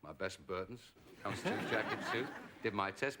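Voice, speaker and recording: Casting: middle-aged man from England, slightly low, bright and forceful tone, a lively storyteller who slips into quoted voices. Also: brisk, a little hiss or hum. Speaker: actor, talk show guest. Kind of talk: anecdotal chat.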